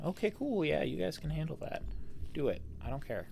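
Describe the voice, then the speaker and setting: A man giving profane, sarcastic gameplay commentary as host of a let's play, quick to get frustrated. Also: a little high, very animated, gravelly, noisy background. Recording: game music underneath.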